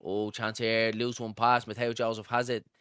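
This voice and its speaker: A low-pitched man calls a football match live for a fan stream, mixing play-by-play with jokes for his viewers. His voice comes through smooth and resonant, close and dry with no room sound. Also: little pitch movement, moderate pace, a bit bright, no room sound. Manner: chatty, jokey, reads out viewer comments. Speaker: fan commentator on a watch-along stream. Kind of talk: live match commentary with chat reading.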